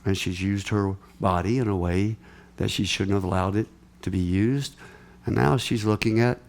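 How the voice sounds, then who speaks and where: An older man preaching a sermon and telling a story, dropping to a hush and then rising to loud, emphatic lines. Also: on the low side, steady tone, normal speed, creaky. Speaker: missionary speaker.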